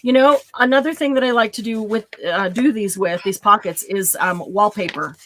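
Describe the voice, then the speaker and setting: A chatty woman talking through a paper-craft tutorial. Her voice sits at an ordinary middle pitch. She thinks aloud and giggles easily between steps. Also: normal speed, a little hiss or hum. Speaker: craft channel host. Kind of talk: casual craft tutorial with live chat.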